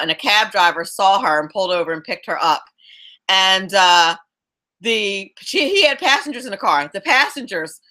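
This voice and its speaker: Bright-voiced woman radio host. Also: medium pitch. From South Jersey, US. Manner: warm chatty storyteller, many restarts, laughs easily. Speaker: radio talk show host. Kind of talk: casual radio interview chat.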